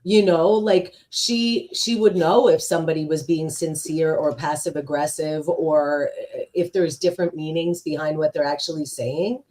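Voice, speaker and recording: Mellow, low-pitched woman musing. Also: fairly even intonation, moderate pace, few pauses. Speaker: podcast co-host. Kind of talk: casual discussion.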